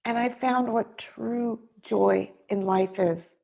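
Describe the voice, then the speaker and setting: A woman's voice: on the high side, fairly even intonation, slow pace, creaky, warm tone. A middle-aged woman giving a heartfelt, faith-filled motivational talk to child care business owners, earnest and emotional.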